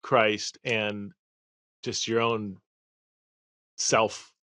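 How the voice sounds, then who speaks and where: A man's voice: lowish voice, flat delivery, extremely slow, sharp tone, dry recording, studio quality. A man hosting a podcast interview, thoughtful and a little hesitant as he asks questions. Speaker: podcast host.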